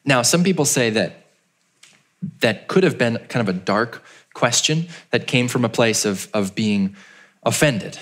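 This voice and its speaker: A male pastor preaching a storytelling sermon in a mid-pitched voice. He acts out the townspeople in a raised voice, then drops low and quiet for emphasis. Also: expressive, unhurried.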